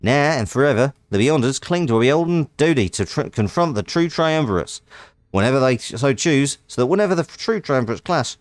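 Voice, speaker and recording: A man voicing a cursed male wanderer from a game, with a strained, high put-on voice and a wobbly made-up accent. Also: animated, brisk, no room sound, lightly acted. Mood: earnest.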